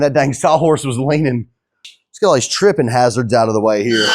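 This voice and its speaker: Brief: easygoing man, mid-pitched, chatty DIY garage vlogger who jokes with his viewers. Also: darkish tone. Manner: joking, laid-back, talks to viewers as guys. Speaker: DIY truck builder. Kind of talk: casual how-to vlog.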